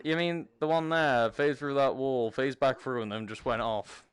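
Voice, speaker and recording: A man hosting a gaming video, telling a game-session story in casual chat, animated and often laughing. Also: medium pitch, normal speed.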